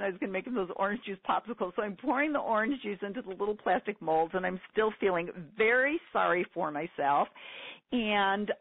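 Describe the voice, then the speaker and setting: A middle-aged woman, a seminar teacher, telling a personal story in an interview, earnest and emotional with quick laughs. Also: mid-range voice, lively intonation, no echo. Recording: tinny dry phone line.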